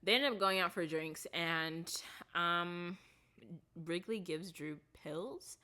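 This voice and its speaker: Recapping a TV show, this woman vlogs in a loose, wandering style, with plenty of fillers and false starts, and she goes gentler at the sad moments. Her voice is on the low side, and she takes her time.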